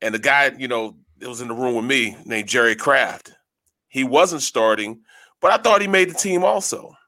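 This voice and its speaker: A man who played pro football, a co-host telling a story in a slangy, animated way. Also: mid-range voice, normal speed, no room sound. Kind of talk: casual sports radio storytelling.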